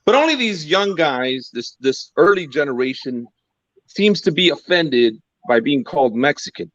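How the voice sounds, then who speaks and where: A man from the United States speaks bluntly, animated and often stammering. His fairly high voice jumps around in pitch. The recording is dry and dull, a bit lo-fi. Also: moderate pace, no room sound. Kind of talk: casual chat.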